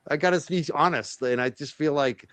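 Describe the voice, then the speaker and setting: A man's voice: on the high side, brisk, a bit bright, no echo. A man from the North Shore of Massachusetts with a light Boston accent, chatting casually and rambling as he reads out viewer questions. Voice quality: rambling, self-correcting storyteller.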